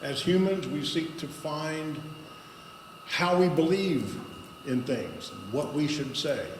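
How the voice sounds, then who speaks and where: A guest speaker at a spiritual center guides a congregation through a voice exercise, giving slow instructions separated by pauses. His mid-range voice sits on the high side and echoes with a long reverb tail in the spacious meeting hall, over steady background noise.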